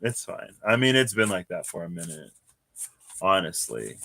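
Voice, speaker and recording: A man's voice: low-pitched, very animated, normal speed, pushed and bright. Chatty man reading tarot live. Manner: chatty, laughs often, drifts into asides. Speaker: tarot reader.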